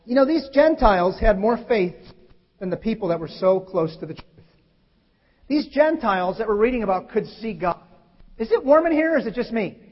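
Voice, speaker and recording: Male preacher, high-pitched, animated sermon delivery; dull hall recording with long reverb. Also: brisk. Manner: animated, acts out scripture quotes with sudden loud shifts. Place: church hall.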